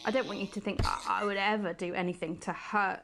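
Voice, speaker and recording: A woman playing a posh-accented female news anchor who is unhinged and obsessive, with a breathy, confessional delivery in a video game. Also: mid-range voice, steady tone, a little fast, background noise, close to an everyday voice. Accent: posh English put on. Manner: breathy confessional, trailing into hushed whispers.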